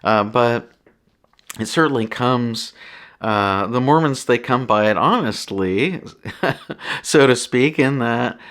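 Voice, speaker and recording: A man's voice: mid-range voice, lively intonation, slow pace, a bit bright. A man hosting a podcast, telling personal stories in a casual, rambling way full of asides. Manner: conversational, rambling anecdotes with many asides. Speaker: podcast host. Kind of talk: casual storytelling monologue.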